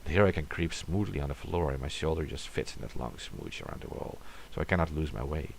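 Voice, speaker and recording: Very deep gravelly man reading horror. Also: lively intonation, fast talker, slight background noise. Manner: dramatic reading, sometimes dropping to a whisper. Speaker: storyteller. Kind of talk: reading a horror story aloud.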